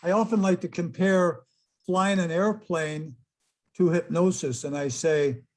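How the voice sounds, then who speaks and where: A man's voice: a little high, unhurried, poor audio. A middle-aged man, a hypnotist, telling a story to an online audience on a video call and acting out the voices he quotes. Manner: animated storyteller who acts out quoted voices. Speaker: hypnotist giving an online talk.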